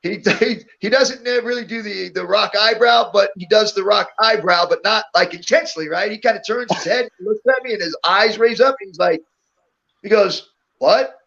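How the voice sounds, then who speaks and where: A man's voice: high voice, normal speed, gravelly, bright, forceful tone, lo-fi sound. A middle-aged man, a guest on an interview show, telling stories in a casual way and often laughing as he goes. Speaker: interview guest, former wrestler. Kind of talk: casual storytelling.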